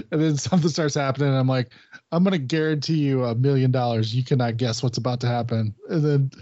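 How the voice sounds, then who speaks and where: A man's voice: mid-range voice, fairly even intonation, quick pace, dark tone, no room sound. Rambling, swearing man on a podcast. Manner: rambling storyteller, swears, acts out friend's lines. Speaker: podcast co-host. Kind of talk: casual chat. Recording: dull lo-fi podcast audio.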